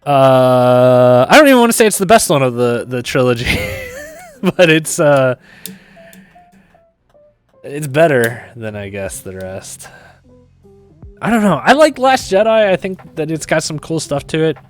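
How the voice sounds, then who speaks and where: Animated young male streamer, rambling chat. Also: fairly high pitch, unhurried, pauses often, clean tone, faint music behind. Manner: rambling, animated, swears often, many restarts. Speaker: Twitch streamer. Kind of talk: casual stream chat, reading and answering chat.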